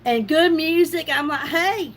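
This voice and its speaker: A woman's voice: very high-pitched, a little slow, a bit bright, slight background noise. A middle-aged woman chatting casually on a makeup livestream, laughing often and greeting viewers by name. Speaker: beauty livestream host. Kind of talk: casual makeup live chat.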